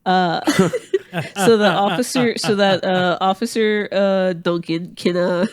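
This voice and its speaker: A man's voice: high voice, steady tone, slow, smooth. A man from Atlanta co-hosting a podcast, telling a long story in casual chat with lots of fillers and restarts. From Atlanta, USA. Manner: rambling storyteller with many fillers. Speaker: podcast co-host.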